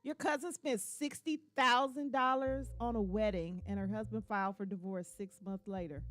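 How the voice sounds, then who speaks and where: A woman hosts a casual livestream, chatting with viewers and reading their comments aloud, sometimes dropping to a low voice. Her tone is steady and fairly bright, at a normal speed with few pauses. Soft music plays in the background.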